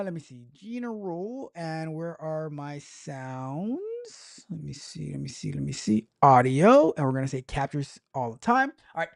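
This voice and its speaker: A man hosting a casual tech livestream, joking around and reading news aloud with stumbles and repeated words. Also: on the high side.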